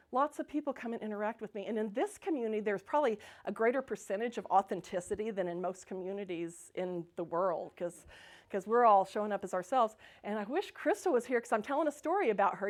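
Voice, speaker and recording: A woman giving a Sunday talk at a spiritual center, telling personal stories in a bubbly way and laughing often. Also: on the high side. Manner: bubbly, laughs often, acts out her own excited quotes. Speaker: guest speaker at a spiritual center.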